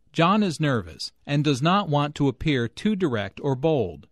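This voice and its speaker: A man explaining spoken English phrases in clear, patient scripted narration. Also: medium pitch, big pitch swings, moderate pace, few pauses, no room sound, clean studio sound. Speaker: English teacher.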